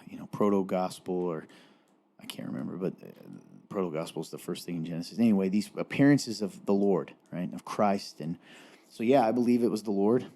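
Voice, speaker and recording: Young Appalachian man, podcast co-host; low, mellow voice, earnest and rambling. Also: brisk. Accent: Appalachian Southern. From Eastern Kentucky. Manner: earnest, rambling, with many restarts. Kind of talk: casual faith chat.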